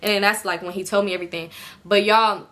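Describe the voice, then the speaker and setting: A woman's voice: medium pitch, fast talker. A young woman from California telling a personal story in a casual vlog, animatedly acting out what everyone said, with lots of swearing. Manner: animated retelling, voices others with expletive-laden quoted outbursts. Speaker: storytime vlogger.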